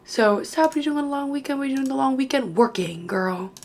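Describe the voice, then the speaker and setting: Tired young Australian woman, gravelly chat. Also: high voice, lively intonation, fast. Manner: chatty, joking, talking to viewers. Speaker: vlogger. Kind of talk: casual study vlog chat. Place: at home, late at night.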